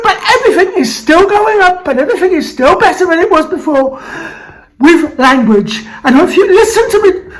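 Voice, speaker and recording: A woman's voice: very high-pitched, low-quality recording. A British woman hosting a vlog, ranting angrily and swearing, her voice cracking between laughter and tears. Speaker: vlog host. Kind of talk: angry ranting monologue.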